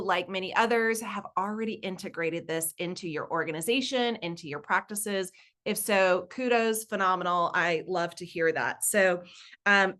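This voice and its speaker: A woman's voice: medium pitch, pushed and bright. A woman in her forties with a Southern US accent, presenting a webinar as a nonprofit consultant, casual, upbeat and chatty. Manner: upbeat, chatty, laughs easily.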